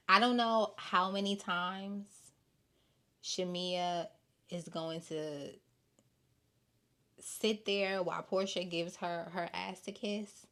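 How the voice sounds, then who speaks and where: Blunt, animated woman gossip host. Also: medium pitch, vocal fry. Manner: animated, blunt, repeats her points. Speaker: podcast host. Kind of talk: casual gossip commentary.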